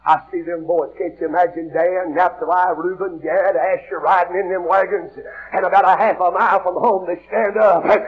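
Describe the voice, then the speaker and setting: Impassioned high-voiced preacher, shouting then hushing. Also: male voice, steady tone, moderate pace, few pauses. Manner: impassioned, shouting and dropping to a hush, storytelling. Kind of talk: sermon. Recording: muffled lo-fi recording with faint hiss.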